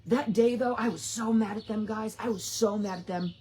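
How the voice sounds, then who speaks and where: A woman's voice: medium pitch, moderate pace, a little mellow, a little hiss or hum. A woman speaking earnestly to families of people in addiction, recalling her own experience and addressing listeners directly. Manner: earnest, emphatic, talks straight to listeners. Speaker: family recovery coach. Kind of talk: heartfelt recovery talk to families.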